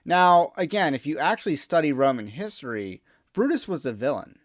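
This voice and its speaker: A man delivers a political commentary monologue with emphatic, opinionated conviction, often wandering off on tangents. His voice sits a little high for a man. The sound is dry and close, with no room echo. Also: very animated, moderate pace. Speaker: podcast host.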